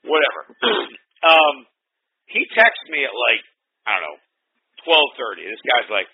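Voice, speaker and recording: A man's voice: medium pitch, unhurried, vocal fry, pauses often, husky, no echo. A man hosting a podcast, telling stories in casual chat with lots of swearing. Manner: profane, animated storytelling. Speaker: podcast host. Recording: tinny phone-like dry sound.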